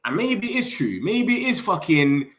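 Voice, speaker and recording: A young man hosting a casual live stream, chatting excitedly and in slang straight to his viewers. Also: high-pitched, normal speed. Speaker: football livestream host.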